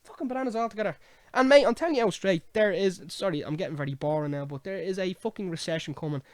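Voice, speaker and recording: A young man with an Irish accent rants fast and loud-hearted at a high pitch, peppering every point with curses. The sound is close and dry, with no room around him. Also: no echo. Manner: animated, sweary, ranting. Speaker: podcast host. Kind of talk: casual late-night rant.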